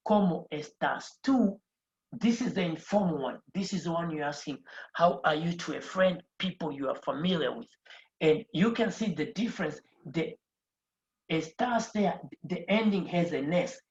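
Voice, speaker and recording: Female language teacher with a deep voice, patient and repetitive, dull lo-fi sound. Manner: patient, repeats key phrases, spells words slowly letter by letter. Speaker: Spanish teacher. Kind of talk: explanatory lesson.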